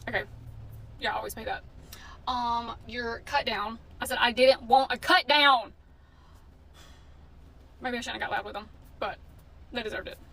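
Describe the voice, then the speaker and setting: Woman, storytime vlogger, fired-up and blunt, slightly high voice, caught from off-mic with faint noise behind. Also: flat delivery, brisk, vocal fry, pauses often, sharp tone, breathy edge, far from the mic, low-quality recording. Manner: indignant, blunt, swearing storyteller. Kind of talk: casual storytime vlog.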